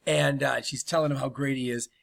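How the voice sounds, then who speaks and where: A man's voice: medium pitch, steady tone, fairly quick, vocal fry, a bit bright. A man hosting a comedy podcast, telling a crude story with plenty of swearing and laughter.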